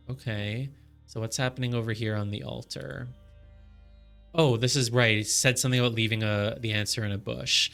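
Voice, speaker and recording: Casting: young male game streamer, bright forward tone, casual and rambling, thinks out loud. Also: mid-range voice, steady tone, unhurried, vocal fry, long pauses, smooth, soft background music. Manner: chatty, puzzling aloud with many fillers. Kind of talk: live game commentary.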